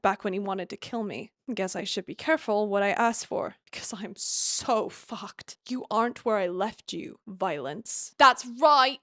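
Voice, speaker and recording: A woman's voice: mid-range voice, clean tone, dry recording, clean studio sound. A young woman doing a comedic, sarcastic book recap and reading excerpts aloud. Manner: sarcastic, animated, swearing, reads excerpts aloud.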